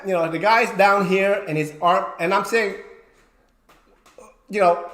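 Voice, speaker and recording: Man, wrestling coach, casual stream chat, high voice, bright tone, echoey room. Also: unhurried. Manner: animated storyteller, swears freely, acts out shouted quotes.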